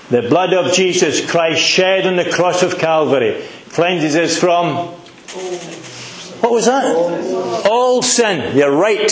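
A man's voice: a little high, roomy sound. A middle-aged Scottish man preaching a sermon, earnest and emphatic, asking the congregation questions.

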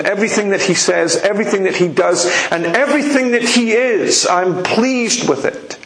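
Male preacher, sermon delivery, emphatic and repetitive, high voice, gravelly, echoey room. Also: normal speed, fairly bright tone.

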